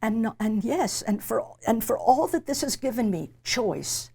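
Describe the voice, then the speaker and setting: A woman's voice: on the high side, lively intonation, unhurried, gravelly, a little mellow, slightly rough. An older woman being interviewed, speaking emphatically and reflectively and often repeating words as she searches for a phrase. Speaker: interviewee, literature professor. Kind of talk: reflective conversation.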